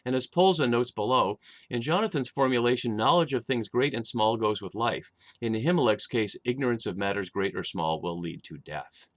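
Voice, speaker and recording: A man teaching a Bible lesson, explaining the text in a thoughtful, measured way with frequent hesitations. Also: fairly low pitch, a bit bright.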